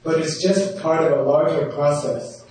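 Brief: male teacher, mellow and slightly high, chatty storyteller, miked from afar in a very echoey room. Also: normal speed, a little hiss or hum. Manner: chatty, full of "you know" asides. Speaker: yoga teacher. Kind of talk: storytelling lecture to a class. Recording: echoey room heard from a distance.

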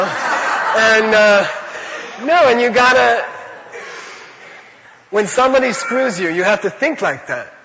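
High, bright and forceful, the man's voice carries a little hiss or hum in the recording. As a Buddhist teacher, he rambles informally through his teaching, peppering it with "you know" and stories he laughs at, all in a reverberant hall with a dull, lo-fi feel.

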